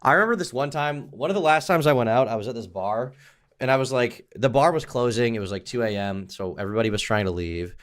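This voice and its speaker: A man hosting a livestream, talking casually and profanely, rambling with lots of filler and trailing off low. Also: expressive, fast. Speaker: streamer host.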